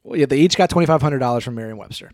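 Casual podcast host, man, mid-pitched, laid-back, dry close mic. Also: a little mellow, no echo. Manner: laid-back, reads clues haltingly with fillers and laughs. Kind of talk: casual chat, quizzing a co-host.

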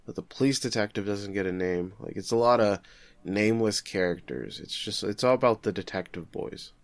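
A man in his thirties chats through a podcast recap, his lowish voice jumping up whenever he acts out a quote. The sound is dry and close. He talks casually and keeps the story rolling. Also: creaky, dry recording. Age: 30s. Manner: animated storytelling with quick acted-out quotes. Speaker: podcast co-host.

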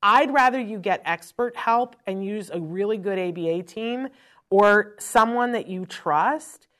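A middle-aged woman hosts a chatty advice talk. She tells stories in an animated, frank way, and her voice sits at a middle pitch. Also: unhurried. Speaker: host. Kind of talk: live-stream advice talk.

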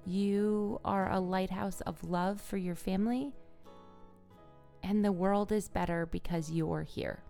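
Slow, gentle, gravelly-voiced woman host. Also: mid-range voice, fairly even intonation, faint music behind. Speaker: podcast host for mothers. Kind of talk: calm self-care pep talk.

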